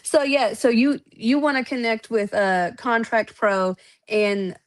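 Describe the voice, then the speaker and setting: A woman's voice: on the high side, fairly even intonation, slow pace, background noise. A woman, a wrestling promoter chatting casually on a podcast, listing shows with lots of fillers and frequent laughs.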